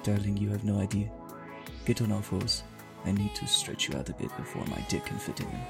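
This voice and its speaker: A woman voicing a tall, suave man with a thick French accent and a husky voice, smooth and commanding. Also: extremely low pitch, steady tone, brisk, over music, voice pushed down.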